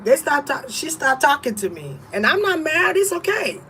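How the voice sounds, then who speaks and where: A high-voiced woman reading tarot who rants bluntly and defiantly. She swears freely and laughs between points. Faint noise sits under her voice. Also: very animated, moderate pace, pushed and bright. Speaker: tarot reader. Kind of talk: casual livestream rant.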